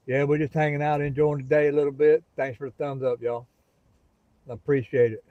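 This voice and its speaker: A man's voice: fairly high pitch, fairly quick, no echo, dull audio. Folksy Southern-drawling man on a livestream. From Gulf Coast of Florida. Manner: relaxed, folksy, talks straight to viewers. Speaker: livestream host. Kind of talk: casual live-stream chat with viewers. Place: outdoors near a pasture.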